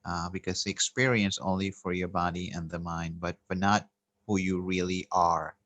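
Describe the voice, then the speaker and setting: A man giving an earnest, unhurried spiritual talk, telling a story and pausing on fillers and restarts. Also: deep voice, flat delivery, fairly bright tone, no echo. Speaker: spiritual teacher. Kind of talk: spoken spiritual teaching with storytelling.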